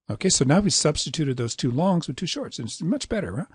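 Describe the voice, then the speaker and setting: A middle-aged man lecturing on poetic meter, reciting verse lines and tapping out syllable rhythms in a relaxed, conversational way. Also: medium pitch, fairly quick, slightly rough, dry recording, studio quality. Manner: relaxed, conversational asides with fillers.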